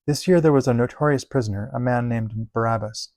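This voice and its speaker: A man reading Bible passages aloud in a steady, measured delivery. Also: medium pitch, no echo. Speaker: Bible reader.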